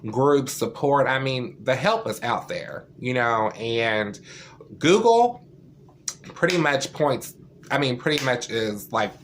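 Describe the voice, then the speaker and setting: A man's voice: medium pitch, measured pace, fairly bright tone, slight background noise. A man talking to camera in a vlog, earnest and candid, with a loose conversational way of speaking. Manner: loose and conversational, with many fillers. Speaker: vlogger. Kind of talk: personal story to camera.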